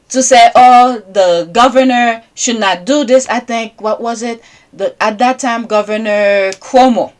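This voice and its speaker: A woman whose first language is not English hosts her own podcast, delivering a loose, rambling commentary monologue. She speaks at an ordinary middle pitch and keeps stopping to ask her listeners "okay?"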